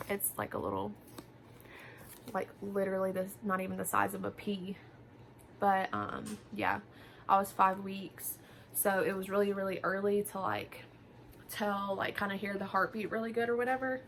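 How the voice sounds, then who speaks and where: Chatty young woman with a creaky voice. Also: medium pitch, a bit bright, a little hiss or hum. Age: young adult. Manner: chatty, full of fillers and quoted dialogue. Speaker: vlogger. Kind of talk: casual story time.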